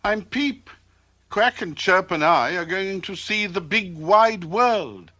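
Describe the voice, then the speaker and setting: A cheerful little girl chick, eager and curious, with a high bouncy voice, as a man reading a storybook puts her on. The delivery is bright and full of lively swoops. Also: slow pace, heavily acted.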